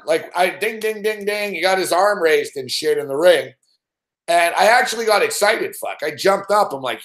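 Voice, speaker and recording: A man's voice: fairly high pitch, moderate pace, reverberant. A man hosting a sports betting show, ranting profanely and animatedly on a live stream. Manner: swears constantly, animated, acts out scenes.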